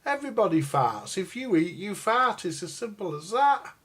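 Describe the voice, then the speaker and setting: A man's voice: high-pitched, sing-song, moderate pace, fairly bright tone, breathy edge. An older man, chatting crudely and jokily to viewers on a live stream about records and radios. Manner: crude, jokey, addresses viewers as guys. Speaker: record collector vlogger. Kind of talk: rambling live-stream chat.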